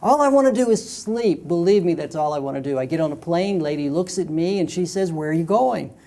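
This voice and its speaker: A man's voice: fairly high pitch, animated, fairly quick, dark tone. A man, a sales trainer, giving an emphatic motivational talk that repeats key phrases and tells stories.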